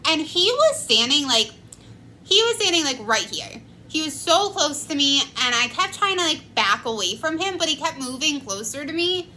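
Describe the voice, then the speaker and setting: Young woman, high bright voice, chatty storytime, lots of fillers. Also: very animated, normal speed, slight background noise, poor audio. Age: 20s. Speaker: vlogger. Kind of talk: casual storytime.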